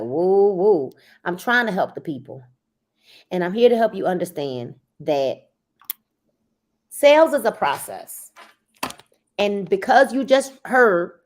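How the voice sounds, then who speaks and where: A woman sales coach gives a casual motivational talk at medium pitch, emphatic and repeating phrases for effect, and at times bursts into loud urging.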